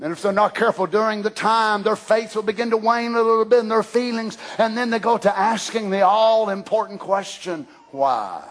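A man preaching a sermon in a fiery, emphatic way, often raising his voice to a shout. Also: sits high, flat delivery, a little fast, few pauses.

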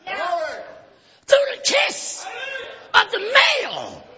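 A man preaching a sermon, shouting and chanting, acting out Bible characters in different voices. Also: very high voice, huge pitch swings, drawn-out words. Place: church. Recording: live church hall, dull lo-fi sound, congregation heard. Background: congregation responding.

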